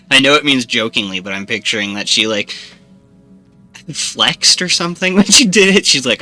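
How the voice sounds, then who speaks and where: A man's voice: mid-range voice, expressive, moderate pace, long pauses, bright, forceful tone, faint music behind. A young man streaming a story game, reading the narration and joking about it with frequent laughs. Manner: jokey, laughing, reads narration aloud. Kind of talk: let's play commentary, reading game text.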